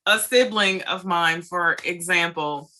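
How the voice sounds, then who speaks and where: A woman's voice: fairly low pitch, takes it slowly, pushed and bright. A woman hosting a casual conversation, telling a personal story in a chatty way and mimicking what others said. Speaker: host. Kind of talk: casual chat.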